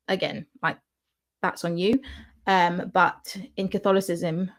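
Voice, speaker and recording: Young woman vlogging, chatty storytelling, does little voices for quotes. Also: lowish voice. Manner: animated, acts out quotes in her story. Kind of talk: casual storytelling.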